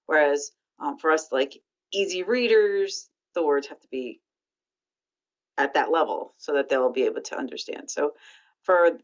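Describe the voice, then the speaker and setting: A woman interviewing an author for a library, asking rambling, hesitant questions full of ums. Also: deep voice. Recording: dull lo-fi sound.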